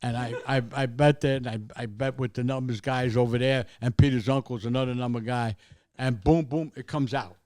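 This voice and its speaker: A man's voice: medium pitch, steady tone, fairly quick, darkish tone. An older man, telling a rambling, profane story as a guest in casual chat, repeating words as he goes.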